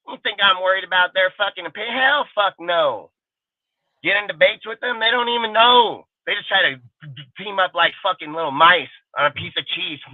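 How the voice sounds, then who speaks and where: A man's voice: high-pitched, no room sound. A man hosting a live sports show, ranting heatedly and swearing constantly. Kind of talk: live stream rant. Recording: tinny phone-like sound.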